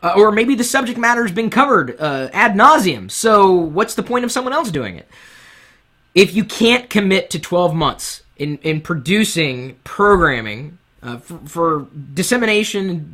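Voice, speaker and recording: A man with a high-pitched voice hosting a live-streamed web show from his studio set, talking candidly and from the heart into a boom mic on top of the camera. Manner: animated, candid, speaks from the heart. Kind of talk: live-streamed advice talk. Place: home studio set with lights.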